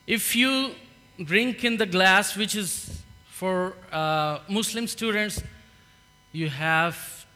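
A man from Pakistan with a Pakistani accent, giving an earnest, halting testimony in a church. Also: sits high, sharp tone, big-room sound. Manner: earnest, halting, with many fillers. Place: church hall.

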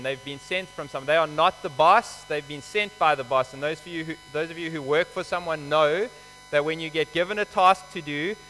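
A man's voice: fairly high pitch, bright, forceful tone. A man preaching a sermon, explaining scripture in a conversational, emphatic way. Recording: hall reverb with faint mains hum.

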